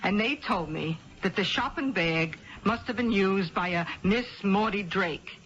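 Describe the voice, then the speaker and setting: An actress voicing a determined middle-aged wife playing detective, earnest and a little halting as she pushes ahead. Her voice sits at a middle pitch. The sound is dull and lo-fi, like an old radio broadcast. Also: fairly bright tone, natural voice. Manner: earnest, slightly halting, puts on a phony French accent. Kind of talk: 1970s-80s radio drama acting.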